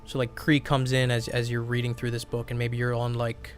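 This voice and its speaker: A man's voice: mid-range voice, completely flat delivery, fairly quick, faint music behind. Man guiding as game master. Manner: questioning, guiding. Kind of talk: tabletop game narration.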